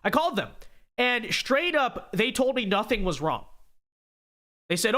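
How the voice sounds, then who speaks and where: A man hosts his live stream with a slightly congested, high, bright voice. He talks straight to his chat and adds sarcastic asides. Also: sing-song, moderate pace. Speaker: host.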